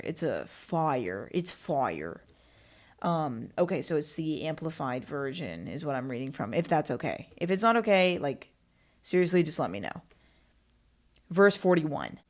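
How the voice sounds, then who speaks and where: A woman's voice: low voice, big pitch swings, measured pace, a little mellow. A woman hosting her own podcast, rambling and self-mocking in casual solo chat. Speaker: podcast host.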